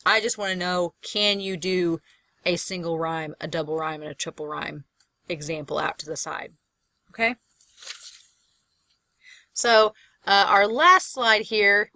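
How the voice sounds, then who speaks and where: A woman's voice: medium pitch, animated, measured pace, bright, forceful tone, dry recording. A woman college instructor talking through a recorded lecture in a conversational way, thinking aloud and stretching out example words.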